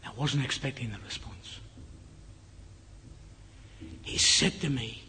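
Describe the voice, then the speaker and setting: An older Englishman preaching a sermon, telling a personal story in an earnest way and dropping to a hush at times. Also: mid-range voice, slow, a little hiss or hum. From England. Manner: earnest, drops to a hushed whisper for the dying man's words. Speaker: guest preacher.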